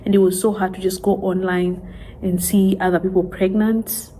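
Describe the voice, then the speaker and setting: A woman vlogger speaking in a soft, halting way, holding back tears as she opens up to her viewers in a confessional vlog. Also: medium pitch, level tone, a little hiss or hum, poor audio. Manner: halting, soft-spoken, tearful.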